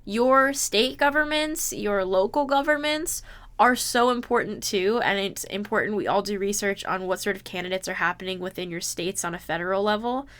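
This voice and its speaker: A woman's voice: mid-range voice, moderate pace, fairly bright tone. A woman chatting casually on a livestream, reading viewer messages aloud and reacting with exclamations and laughter. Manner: reads viewer messages aloud and answers them.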